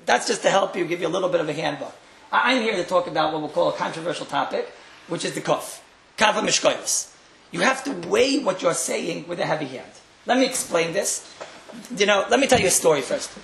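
A man's voice: high-pitched, expressive, brisk, gravelly, fairly bright tone, a little hiss or hum. A man speaking as a rabbi, giving a religious talk as a wry storyteller who makes joking asides and repeats his phrases. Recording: roomy echo.

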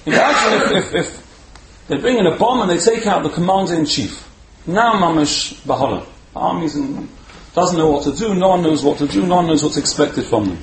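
A man giving a storytelling sermon as a Torah speaker, animated and repeating words for emphasis. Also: on the high side, fairly quick. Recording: roomy echo, faint background hum.

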